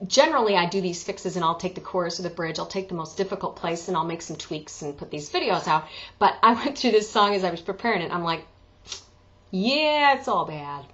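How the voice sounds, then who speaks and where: A woman's voice: on the low side, a bit bright, dull audio. A woman teaching an online singing lesson, chatty and joking, breaking into sung examples. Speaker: vocal coach.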